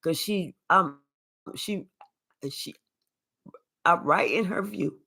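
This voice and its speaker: A woman doing a live tarot reading, talking in a sassy, profane, animated way and chatting with her viewers. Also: on the low side, takes it slowly, gravelly, breathy edge. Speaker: tarot reader.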